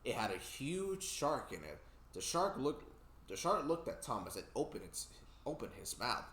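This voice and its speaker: A man's voice: mid-range voice, big pitch swings, moderate pace, fairly bright tone, echoey room. A young man casually reading a children's story aloud with stumbles and restarts while co-hosting a game let's play.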